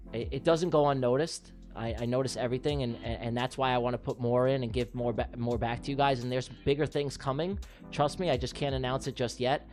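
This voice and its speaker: Male stream host from New York, excitable race caller, rambling thank-yous, mid-range voice, light music bed. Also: mid-range voice. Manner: excitable, rambling, repeats himself. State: out of breath. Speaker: livestream trading host. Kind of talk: livestream chat and race commentary.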